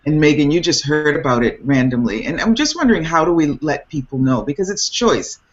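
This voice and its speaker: A woman hosting a casual group video chat, animated and laughing often, with many restarts. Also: sits low, brisk, lo-fi sound. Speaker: host. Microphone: video call.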